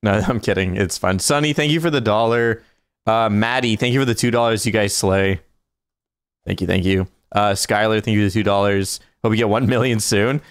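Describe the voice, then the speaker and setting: Deep-voiced young male streamer. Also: brisk, smooth, no echo, studio quality. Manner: playful, thanks donors, jokey. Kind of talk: casual livestream chat.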